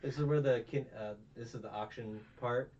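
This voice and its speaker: A man's voice: medium pitch, moderate pace, a little mellow. Young man rambling through an anime recap. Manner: rambling, swearing, retelling scenes. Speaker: podcast host. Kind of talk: casual anime review chat. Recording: distant muffled mic, faint hum.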